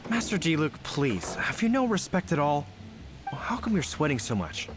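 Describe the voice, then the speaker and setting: A man's voice: a little high, full character voice. An actor playing a fussy, overly polite male knight in a video game, speaking formally and with stiff courtesy.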